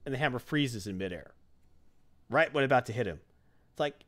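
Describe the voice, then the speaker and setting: A man hosting a casual chat, animatedly retelling a comic and acting out its lines. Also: medium pitch. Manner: animated retelling, acts out dialogue in quick voices. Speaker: podcast host recapping a comic.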